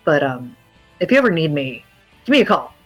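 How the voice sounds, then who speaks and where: A woman voicing a shy young wererat man from the streets, who talks quickly and mumbles in a lower voice. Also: very animated, breathy edge, soft background music, full character voice, rough recording. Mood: sheepish.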